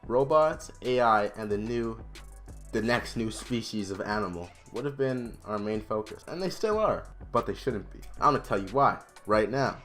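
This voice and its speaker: A man's voice: lowish voice, expressive, normal speed, fairly bright tone, soft background music. A teenage boy in a casual explainer vlog, chatty and emphatic, with restarts and side remarks. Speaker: student presenter.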